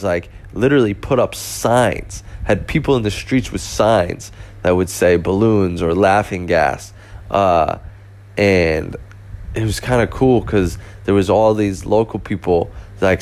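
A man's voice: sits low, a little mellow. A young man hosting a podcast, telling travel stories in a casual, rambling way full of fillers and restarts. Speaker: podcast host.

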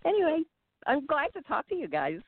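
A woman's voice: high voice, huge pitch swings, brisk, dry recording. Caller, woman, upbeat, laughs a lot, phone-line sound, dry. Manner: bubbly, laughs often. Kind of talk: casual phone chat.

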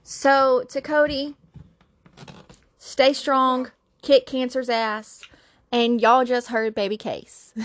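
A woman's voice: on the high side, dry recording, studio quality. A woman, hosting her own podcast and telling funny family stories in a chatty, playful way. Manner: chatty, laughing, playful impressions. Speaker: solo podcast host. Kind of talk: casual storytelling chat.

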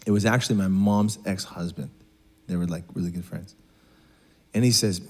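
A man's voice: sits low, normal speed, pauses often. A man preaching a sermon in a conversational, joking way, acting out bits of dialogue. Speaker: pastor.

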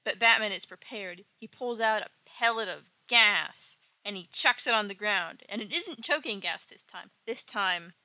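A woman's voice: mid-range voice, normal speed, hardly any pauses, sharp tone, dry recording. A woman casually recapping an old comic with wry, joking asides.

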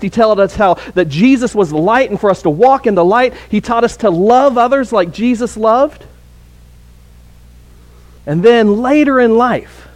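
High-voiced man preaching a sermon. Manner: earnest, halting with repeated words. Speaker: pastor.

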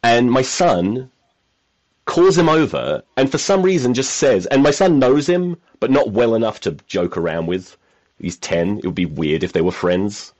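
A man's voice: medium pitch, lively intonation, moderate pace, darkish tone, lo-fi sound. A man hosting a podcast, telling rambling, self-mocking stories in casual chat and swearing freely. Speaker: podcast host.

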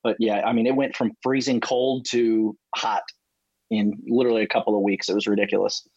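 A man with a Texas accent chatting on a podcast, laid-back and dry. His voice is a little husky. The recording is dry and somewhat dull. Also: fairly low pitch, level tone, a little fast, a little mellow, dry recording. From southern United States. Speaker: podcast co-host. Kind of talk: casual podcast chat. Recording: dry, slightly husky, muffled line.

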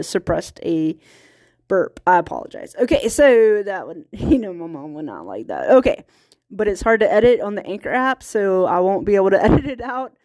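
A woman with a rural Virginia accent hosts a casual solo podcast in a mid-pitched, dry-sounding voice. She rambles and circles back on herself, restarting sentences and laughing lightly between thoughts. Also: darkish tone, no echo. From small-town Virginia. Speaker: podcast host.

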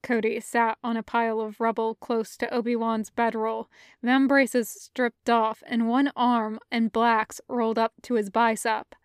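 A woman narrating a fan fiction audiobook with a measured, careful reading. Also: on the high side, little pitch movement, smooth, no room sound, studio quality. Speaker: podfic reader.

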